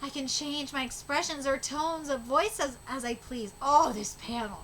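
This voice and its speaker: Excitable woman streamer reading manga aloud, high bright voice, swears freely. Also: normal speed, a little hiss or hum. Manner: excitable, swears casually, gushes.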